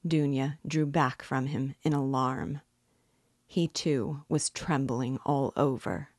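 A woman reading a classic novel aloud as a guide, with measured, deliberate narration. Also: a bass voice, fairly even intonation, no room sound, clean studio sound. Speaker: reader and guide. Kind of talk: audiobook-style literary reading.

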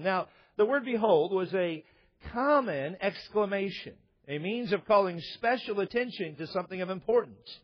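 A passionate male preacher with a high voice delivers an emphatic sermon, often stumbling over repeated words. The sound is dull and lo-fi.

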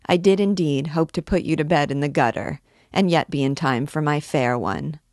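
A woman's voice: low voice, a little mellow, dry recording, clean studio sound, natural voice. A woman reading as a brash young captain. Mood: glib. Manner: swaggering and quick to anger. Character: brash young male army captain, hot-tempered.

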